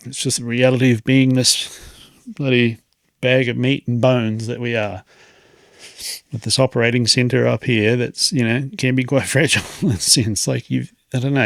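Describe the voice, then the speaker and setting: A man's voice: mid-range voice, fairly even intonation, moderate pace, creaky, dry recording, clean studio sound. A man in his late thirties hosting a podcast, talking in a rambling, reflective way and chuckling often. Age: 30s. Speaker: podcast host. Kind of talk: casual podcast monologue.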